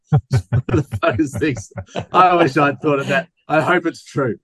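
A man's voice: a little high, unhurried, fairly bright tone, husky, no echo, low-quality recording. An Australian man co-hosting a casual sports podcast, rambling and joking as he reads listener mail. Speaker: podcast co-host. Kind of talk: casual chat.

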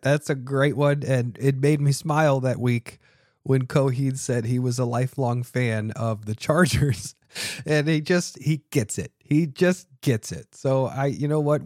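A man's voice: a little high, a little mellow, dry recording. Self-mocking male podcast host, dry sound. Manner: self-mocking, swearing, rambling with restarts. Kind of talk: casual podcast monologue.

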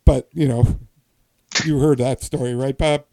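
A man's voice: mid-range voice, fairly even intonation, measured pace, dark tone. A man hosting a casual political comedy podcast, telling a rambling story that keeps interrupting itself. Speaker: podcast host.

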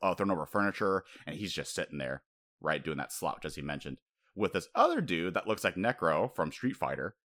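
A man co-hosting a casual chat, talking in an animated way, laughing often and acting out quotes. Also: low-pitched, fairly quick.

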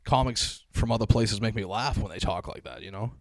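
A man's voice: lowish voice, brisk, creaky. A man from the area, chatting casually in a loose, rambling way full of "like" and laughs. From Boston area. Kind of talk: casual chat.

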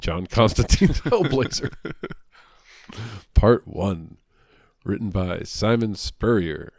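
A man, co-hosting a casual comic book podcast, rambling with many fillers and quick impressions. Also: on the low side, lively intonation, darkish tone, no echo, studio quality. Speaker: podcast co-host.

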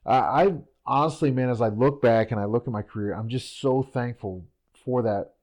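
A man's voice: mid-range voice, normal speed, darkish tone. A man who is a professional athlete, answering in a casual interview in an easygoing way, laughing often. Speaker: professional Highland Games athlete guest.

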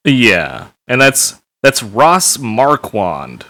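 A man co-hosting a casual podcast chat, joking, laughing often and pausing on many filler sounds. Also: medium pitch, big pitch swings, bright, forceful tone. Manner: laughs often, jokey, hesitant with many uhs. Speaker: podcast co-host.

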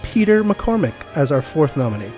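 A man's voice: a little high, very animated, brisk, darkish tone, faint music behind. A man co-hosting a podcast in casual chat, adding dry quips. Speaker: podcast co-host.

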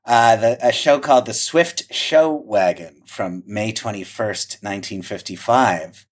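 A man's voice: fairly low pitch, a little slow. A man co-hosting a podcast, thoughtfully describing old television clips in detail. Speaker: podcast co-host. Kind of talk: conversational film discussion.

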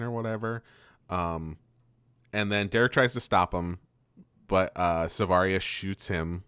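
Lowish guy cracking up while recapping a cartoon, dry close sound, jumps into goofy voices. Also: fairly bright tone, clean tone, dry recording. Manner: laughs often, loose and profane, acts out lines in quick silly voices. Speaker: podcast co-host. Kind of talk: casual chat recapping a cartoon episode.

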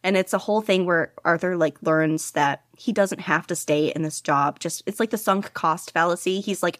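A woman's voice: on the low side, normal speed, few pauses, dry recording, clean studio sound. A young woman being interviewed about her hobby, chatting casually in a rambling, enthusiastic way with lots of fillers. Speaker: guest podficcer.

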